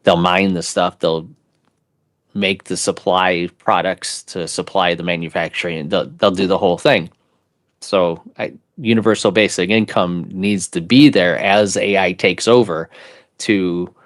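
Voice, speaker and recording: A man's voice: low-pitched, fairly even intonation, a little slow. A man co-hosting an investing show, chatting casually and rambling through his theories. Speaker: co-host. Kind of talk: casual chat.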